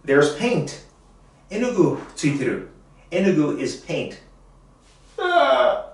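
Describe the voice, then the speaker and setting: A man teaching an English lesson, drilling short phrases slowly and deliberately. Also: medium pitch, expressive, fairly bright tone, very echoey, recorded from a distance. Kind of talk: classroom lesson demonstration.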